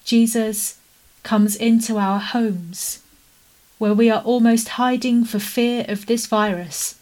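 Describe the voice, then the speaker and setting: Gentle woman preaching. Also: a little high, fairly even intonation. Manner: gentle, measured, slowing into soft prayer. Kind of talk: sermon.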